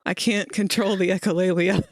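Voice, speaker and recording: A woman's voice: medium pitch, fairly even intonation, fairly quick, dry recording, clean studio sound. A woman hosting a live stream, chatting playfully with a friend and thanking followers. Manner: playful, laughing, reads out follower alerts. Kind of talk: casual chat.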